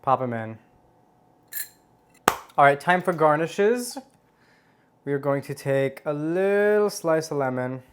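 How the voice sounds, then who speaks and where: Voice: mid-range voice, lively intonation, takes it slowly, pauses often, slight background noise. A host giving a casual home cocktail tutorial, chatty and playful, joking at their own expense and humming as they taste. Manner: savors tastes aloud with hums.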